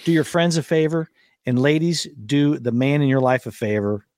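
A man's voice: a little high, moderate pace, a little mellow, slight background noise. A man co-hosting a podcast, chatting casually and joking with a folksy manner, laughing often. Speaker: podcast co-host. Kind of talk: casual chat with ad read. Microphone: studio microphone.

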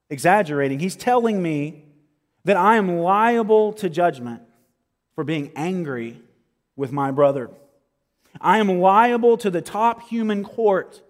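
Male pastor, slightly high voice, earnest sermon delivery with emphatic builds, long reverb of a sanctuary. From American South. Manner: earnest, rising to emphatic peaks, slows for stress.

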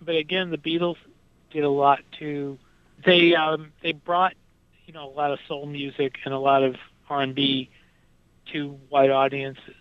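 Man, casual music chat, hesitant, smooth resonant voice, slightly dull lo-fi sound. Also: a little high, level tone, measured pace, dry recording. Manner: hesitant, many fillers and restarts.

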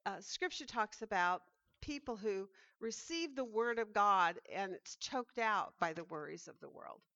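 A woman's voice: mid-range voice, lively intonation, measured pace, sharp tone, dry recording. Earnest woman teaching a Bible study. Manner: earnest, thoughtful, with restarts. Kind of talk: Bible study lesson, reading aloud and reflecting. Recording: dull dry lo-fi recording.

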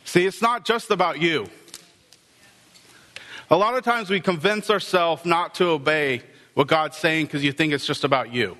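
A male pastor preaching a sermon, telling the story with lively, acted-out dialogue. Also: a little high, moderate pace, big-room sound.

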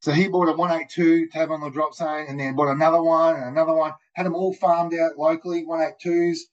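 A man's voice: a little high, a little fast. Profane Australian man telling rambling stories. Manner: rambling, profane, animated anecdotes, frequent "mate" and "dude". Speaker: guest, skydiver. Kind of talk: casual storytelling. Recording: muffled lo-fi audio.

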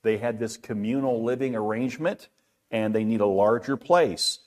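A man's voice: medium pitch, moderate pace, darkish tone. A middle-aged man preaching a sermon in a conversational way, asking rhetorical questions and often repeating words. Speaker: pastor.

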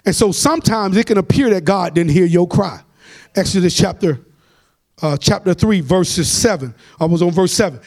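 A man preaching a Bible study as a pastor, rising into shouts and sung phrases and calling for amens. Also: sits high, lively intonation, moderate pace.

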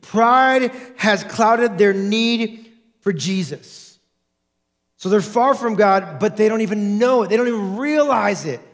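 A man preaching a sermon as a pastor, animated and acting out the people he quotes. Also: sits high, slow pace. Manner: animated, acts out quoted voices in his preaching.

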